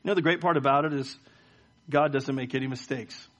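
A man's voice: medium pitch, fairly quick, a bit bright. A middle-aged pastor gives a sermon to his church. He speaks in a mid-range voice and often stumbles over repeated words. He moves between telling stories and leading a prayer. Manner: storytelling with frequent stammered word repeats. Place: church service.

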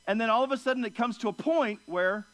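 A man preaching an expository sermon, moving from quiet asides to raised, emphatic passages and acting out the people he quotes. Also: fast, no room sound, low-quality recording. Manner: emphatic, swings from low asides to raised, excited delivery; acts out quoted speakers in pitched-up voices.

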